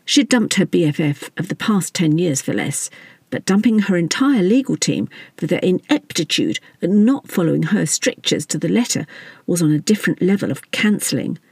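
Wry narrator, husky tone, dry close mic, satirical chapter read. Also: medium pitch, very animated, normal speed, no room sound. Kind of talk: scripted audiobook narration.

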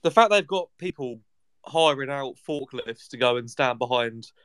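A man's voice: medium pitch, expressive, moderate pace, fairly bright tone, smooth, no echo. A man co-hosting a casual football podcast, making dry, joking asides. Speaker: podcast co-host. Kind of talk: casual chat.

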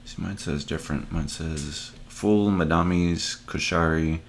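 A man's voice: very deep voice, fairly even intonation, unhurried, slight background noise. A man in casual chat, laid-back with dry remarks.

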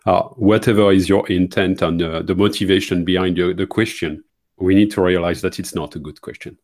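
A man hosting a conversation, responding in a measured, hesitant way with fillers. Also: low-pitched, fairly even intonation, darkish tone. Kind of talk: conversational discussion.

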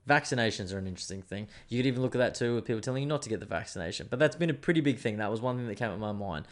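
A man's voice: medium pitch, animated, racing. A young man, hosting a casual monologue show. He rambles and digresses and swears freely. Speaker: podcast host.

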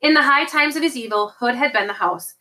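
A woman reading a novel aloud as an audiobook, in a steady storytelling manner. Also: sits high, brisk, poor audio. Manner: steady storytelling with occasional slips and restarts. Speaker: audiobook reader.

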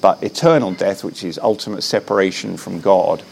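Brief: man, low gravelly voice, earnest preaching manner, faint background noise. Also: moderate pace. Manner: earnest, animated, frequent restarts. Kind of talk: preaching in an interview. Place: Belfast.

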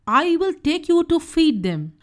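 Woman doing a hungry bad leopard in a kids story, gloaty and slow, high voice. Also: big pitch swings, full character voice. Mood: gloating. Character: hungry male leopard, a menacing predator. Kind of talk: children's storybook reading.

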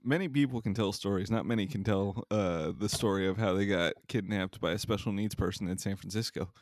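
A man's voice: on the low side, brisk, no room sound, clean studio sound. A young man co-hosting a casual chat who jokes and teases his friend, laughing as he goes. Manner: joking, teasing, laughs often.

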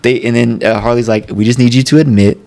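Gravelly man rambling animatedly. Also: mid-range voice, quick pace. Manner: rambling, animated retelling of scenes with put-on quotes. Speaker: podcast co-host. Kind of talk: casual chat.

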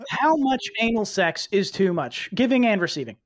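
A man co-hosts a podcast, rambling through casual banter with quick asides. His voice is high for a man, and it is recorded close and dry. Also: very animated, no echo. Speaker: podcast co-host.

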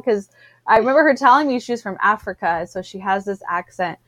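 Brief: woman storyteller, lively, quotes others, dry close mic. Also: mid-range voice, a little fast, no echo. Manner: animated storyteller, acts out what others said. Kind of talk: casual chat, personal birth story.

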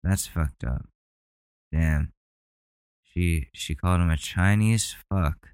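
A man with a low, smooth voice, reacting out loud to clips in casual commentary. He rambles and swears, openly indignant. The sound is dry and close, with no room around it. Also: slow, dry recording. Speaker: commentary host.

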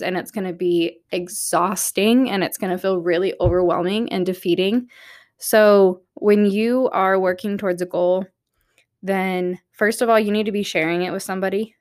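A woman hosts her own podcast in an encouraging, candid way, her voice sitting in a mid range. She talks to her listeners like friends from her office after hours. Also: mid-range voice. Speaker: podcast host. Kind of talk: motivational solo podcast talk. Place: office at night.

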